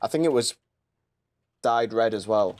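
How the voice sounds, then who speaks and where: A man's voice: on the low side, a little slow, darkish tone, dry recording. A man with a Geordie accent from northeast England, chatting casually as a podcast host, laughing often and swearing freely. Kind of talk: casual chat.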